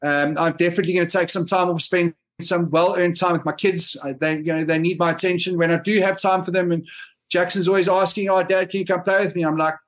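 A man's voice: high-pitched, steady tone, fairly quick. A middle-aged man in casual podcast chat, rambling with many fillers and restarts. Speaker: podcast co-host.

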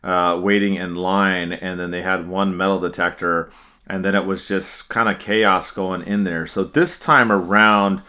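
A man hosting a casual sports podcast, speaking in a relaxed way with frequent restarts and repeated words. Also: low voice, measured pace. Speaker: podcast host.

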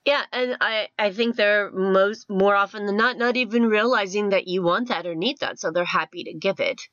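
A woman's voice: mid-range voice, moderate pace, dry recording. A woman hosting an interview, affirming her guest and telling stories in a casual way. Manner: warm affirming, storytelling. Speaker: podcast host. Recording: dry, dull lo-fi audio.

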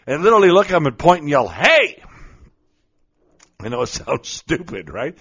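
A man's voice: fairly high pitch, very animated, moderate pace, fairly bright tone, slightly rough. A middle-aged man talking casually and playfully, joking and laughing often as he gives advice on being goofy. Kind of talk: casual monologue. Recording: dull lo-fi recording.

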